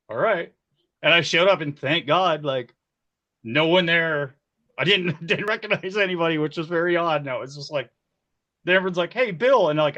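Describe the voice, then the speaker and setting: A man in his forties, a key grip, telling set stories in a casual interview, animated and quick to laugh. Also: fairly high pitch, lo-fi sound. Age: 40s. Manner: animated, laughs often, acts out quoted voices. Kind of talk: casual storytelling.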